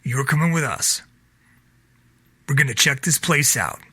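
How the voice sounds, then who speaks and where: A man reading the lines of a firm, calm male squad commander who gives orders. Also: medium pitch, measured pace, husky, dry recording, exaggerated voice.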